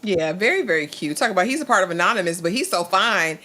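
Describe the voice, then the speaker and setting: Playful co-host, bright woman's voice that swings up and down a lot. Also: fairly low pitch, expressive, fast talker. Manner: laughing, playful, quotes characters. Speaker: TV review podcast co-host. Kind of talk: casual TV recap chat.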